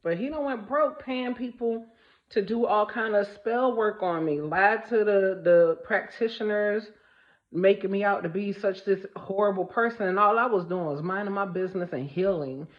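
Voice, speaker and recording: A woman's voice: mid-range voice, normal speed, muffled recording. A woman giving a casual spiritual vlog monologue, speaking bluntly and emphatically, repeating phrases for stress and swearing freely. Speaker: spiritual vlogger.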